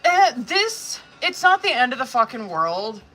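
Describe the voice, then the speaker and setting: Bright-voiced tarot reader, blunt and swearing. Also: female voice, on the high side, normal speed. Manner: blunt, swears often, talks straight to the viewer; expressive, talks through cards as she draws them. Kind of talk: live-stream tarot reading.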